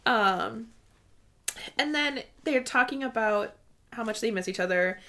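A woman's voice: fairly high pitch, animated, unhurried, bright, forceful tone. A woman co-hosting a casual book chat, gushing and giggly, with lots of "like" in her speech. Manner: gushing and giggly, heavy "like" fillers. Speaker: podcast co-host.

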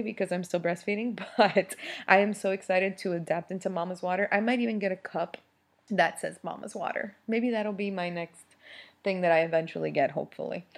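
A young adult woman, a mother of twins, talking casually and candidly about parenting, with lots of fillers and frequent laughs. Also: lowish voice. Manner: chatty and candid, many fillers, laughs often. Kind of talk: casual monologue.

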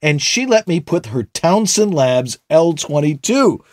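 A man's voice: fairly high pitch, sing-song, a little slow, darkish tone. A man co-hosting a casual tech show, reading listener questions with wry, jokey asides.

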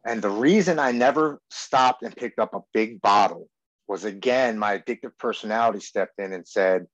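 A man in his forties with a low voice tells his personal recovery story as a podcast guest. He talks earnestly and acts out what he and others said along the way. The sound is dull and muffled, with a dry feel and no room around it. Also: moderate pace, no echo.

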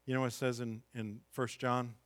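A middle-aged male pastor delivering a sermon, moving between calm scripture reading and impassioned, emphatic peaks. His voice sits in a moderate range and sounds dry and close, with little room sound. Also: mid-range voice, a little fast, dry recording.

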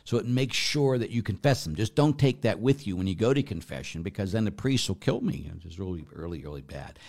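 A man's voice: lowish voice, lively intonation, fairly quick, gravelly. A middle-aged man, a priest hosting a live stream and answering chat comments in a rambling, self-deprecating way. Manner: warm, rambling, self-deprecating, with frequent fillers.

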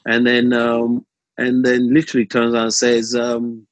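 Over poor audio with no room sound, a male guest with a mid-range voice and moderate pace rambles through a long anecdote in casual conversation. He restarts often, says um a lot, and adds lively quoted asides.

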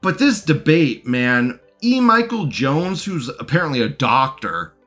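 A man's voice: on the high side, sing-song, unhurried, a bit bright, faint music behind. A man giving casual, mocking commentary as he reacts to a recorded debate and talks back to it.

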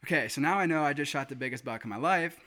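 Male guest, casual storyteller, excitable, forceful bright tone. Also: fairly high pitch, fast talker. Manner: excited storytelling, swears and laughs. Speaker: guest telling a hunting story. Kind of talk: casual chat.

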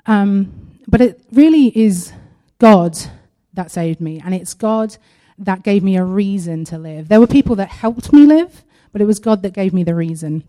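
Warm-voiced woman sharing an earnest testimony. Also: mid-range voice, lively intonation. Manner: earnest and halting, with frequent pauses. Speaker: church member sharing a testimony. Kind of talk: personal testimony, partly read aloud.

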